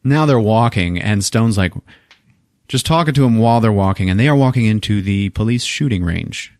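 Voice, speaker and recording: A man's voice: lowish voice, animated, moderate pace, a little mellow, dry recording, clean studio sound. A man co-hosting a podcast, retelling a movie scene by scene in casual chat, swearing freely and acting out the characters' lines. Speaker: podcast co-host recapping a movie.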